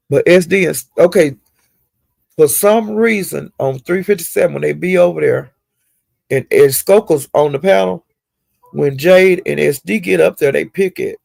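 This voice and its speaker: A man giving a casual, rambling gossip recap of livestreams, with animated retelling and frequent asides. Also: on the high side, gravelly, dry recording.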